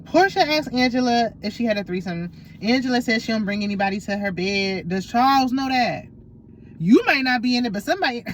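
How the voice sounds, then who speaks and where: A woman's voice: fairly high pitch, lively intonation, brisk, slight background noise. A woman hosting a casual, opinionated reality TV recap, sassy and gossipy with lots of slang.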